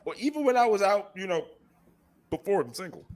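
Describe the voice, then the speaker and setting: A young man co-hosting a podcast in casual chat, animated and laughing often, with frequent swearing. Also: sits high, fairly quick. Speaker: podcast co-host.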